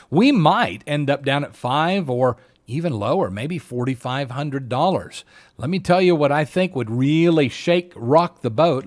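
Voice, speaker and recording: A man teaching an online trading class, talking emphatically with a salesman's push and acting out what other traders say. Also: on the high side. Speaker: trading instructor.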